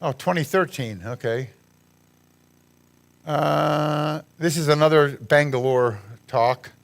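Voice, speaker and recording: Chatty man with a fairly high voice. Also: slow, vocal fry. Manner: chatty, rambling, laughs at his own jokes. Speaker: guest speaker at a church gathering. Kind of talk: anecdotal talk over a slideshow.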